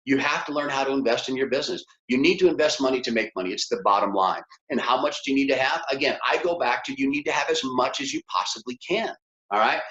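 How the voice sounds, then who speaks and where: A man's voice: mid-range voice, a bit bright. A middle-aged man giving a motivational business workshop lecture, emphatic and coaxing, often putting questions to his audience. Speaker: business instructor. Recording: roomy, slightly dull lo-fi sound.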